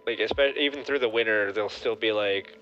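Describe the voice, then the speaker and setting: A man's voice: on the low side, brisk, fairly bright tone, lo-fi sound, faint music behind. A man co-hosting a podcast in casual chat, adding dry, wry remarks. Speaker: podcast co-host.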